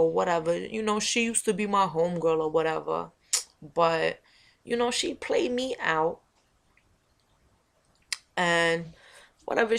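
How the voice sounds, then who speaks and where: A woman's voice: on the low side, gravelly, exaggerated voice. A woman putting on a brash streetwise tough girl. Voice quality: slangy, loud and confrontational. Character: brash, hot-tempered streetwise young woman threatening a rival.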